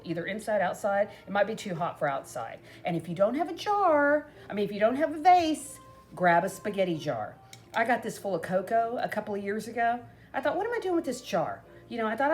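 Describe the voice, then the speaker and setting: Middle-aged woman, bubbly, laughs a lot, rambling craft chat, very animated pitch. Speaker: crafting vlogger. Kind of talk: chatty craft tutorial.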